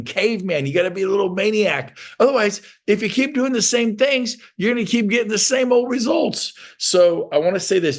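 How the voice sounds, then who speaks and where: A middle-aged man giving an energetic motivational talk to real estate agents, emphatic and animated, with bursts of shouting. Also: sits high.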